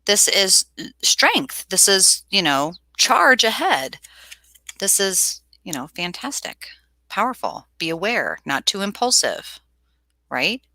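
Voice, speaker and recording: Bright-voiced woman reading tarot live. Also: medium pitch, takes it slowly, dry recording. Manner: animated, reads chat aloud, laughs often. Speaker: tarot reader hosting a livestream. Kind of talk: casual livestream chat.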